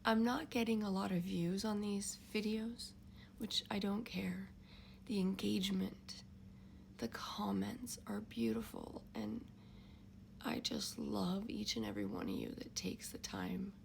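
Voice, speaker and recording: An older woman, a grandmother, telling a personal story to camera in an emotional, reflective way, often dropping into soft whispers. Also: medium pitch, fairly even intonation, unhurried, creaky, a little hiss or hum. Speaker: vlogger.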